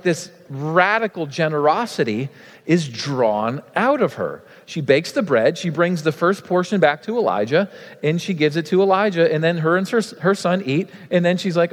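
A male pastor preaching a sermon in a casual, animated way, full of fillers. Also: high-pitched, moderate pace, big-room sound.

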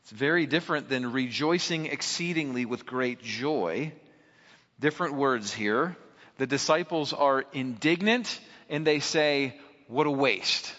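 A man's voice: medium pitch, unhurried, a bit bright. A male preacher giving a conversational sermon, posing rhetorical questions to his congregation. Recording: echoey hall, dull lo-fi sound.

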